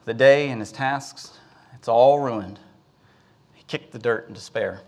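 A man's voice: mid-range voice, a little slow. A male preacher gives a sermon, telling a Bible story with some filler words.

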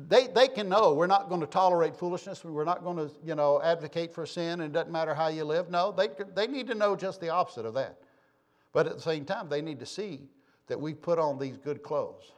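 A man preaching a sermon in a church, folksy and conversational, teasing members of his congregation. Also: fairly high pitch. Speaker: pastor. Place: church sanctuary.

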